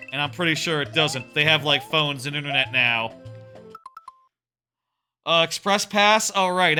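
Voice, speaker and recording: A man's voice: a little high, pushed and bright, clear, resonant tone. A man in his thirties chatting casually while live-streaming a game, rambling with many fillers and restarts. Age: 30s.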